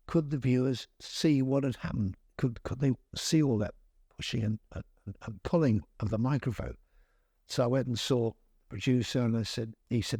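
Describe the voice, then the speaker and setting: A man's voice: mid-range voice, normal speed, warm tone, husky, dry recording, studio quality. Older man telling chatty showbiz anecdotes. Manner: chatty, amused, with frequent restarts. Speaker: veteran TV presenter. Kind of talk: anecdotal storytelling.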